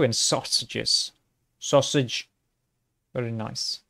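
A young man casually commenting on his gameplay in a chatty, rambling, low-key way. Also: expressive, unhurried. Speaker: let's play host.

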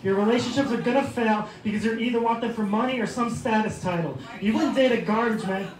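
A male stand-up comedian on a club stage, mocking and combative, shouting insults at hecklers. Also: high voice, fast. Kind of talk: stand-up set turning into shouting match. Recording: echoey club with crowd noise.

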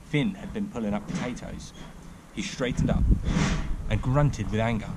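A man's voice: lowish voice, normal speed, very noisy. A man reading a picture-book story aloud as a storyteller, with chatty explaining asides.

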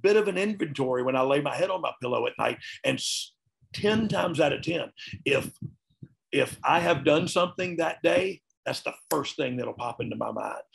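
A man's voice: fairly high pitch, expressive, normal speed, gravelly. A man, talking candidly and earnestly as an interview guest. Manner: earnest, folksy, frequent "you know what I mean". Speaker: guest, retired wrestler.

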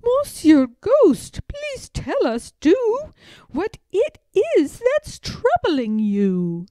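A woman voicing a brave, sensible little schoolgirl in a high, matter-of-fact voice. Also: huge pitch swings, extremely slow, dark tone, dry recording, heavily acted. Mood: determined.

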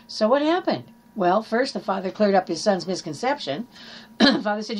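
A woman's voice: medium pitch, lively intonation, a little fast. A woman preaching a sermon in an earnest teaching manner, reading scripture aloud and explaining it.

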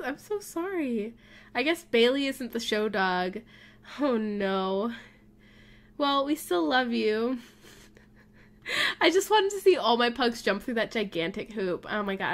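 High-ish voiced woman doing let's play commentary, slow and gushy, gets all excited. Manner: gushing, excitable, drawn-out. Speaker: gaming YouTuber. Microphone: desk mic, facecam.

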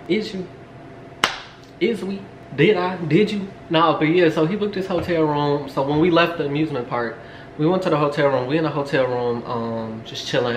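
A man's voice: fairly high pitch, fairly bright tone. A young man telling a rambling story to camera, full of fillers and asides. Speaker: storytime vlogger. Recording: echoey room, faint background hum.

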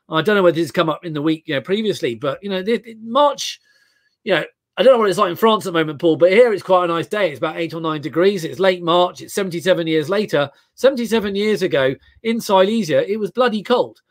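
English guy, fairly high voice, chatty and rambly, dry sound, lots of ums. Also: no echo. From England. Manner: rambling, many restarts and fillers, animated storytelling. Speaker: guest historian. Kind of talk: casual video-call chat.

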